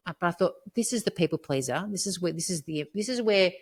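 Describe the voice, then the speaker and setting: A woman, co-hosting a podcast, telling a painful personal story in a rambling way, swearing and rising into high outbursts. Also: fast, hardly any pauses, a bit bright. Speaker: podcast co-host.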